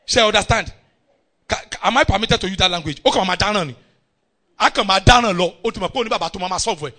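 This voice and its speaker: High-voiced Nigerian preacher, shouting. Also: male voice, fast talker, long pauses. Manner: animated, bursts into shouting, calls on the congregation. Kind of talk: sermon.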